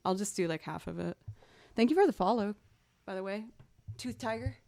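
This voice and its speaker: A woman's voice: mid-range voice, a little fast, creaky, mellow, no room sound. A young woman musician chatting casually on a livestream, rambling through stories and thanking viewers as she goes. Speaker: musician streamer.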